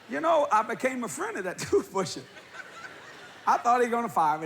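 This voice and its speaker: A man preaching, telling a funny story with laughter and bursts of shouting. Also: sits high, fast talker, gravelly. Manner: animated, laughing while telling, shouting at peaks. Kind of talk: humorous storytelling sermon. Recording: live audience with crowd noise.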